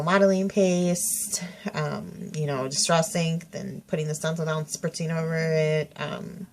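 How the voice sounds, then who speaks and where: A woman, stuffy-nosed, rambling through a casual tag video at home with lots of fillers and self-corrections. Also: sits low. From Minnesota. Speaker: craft vlogger. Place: home craft room.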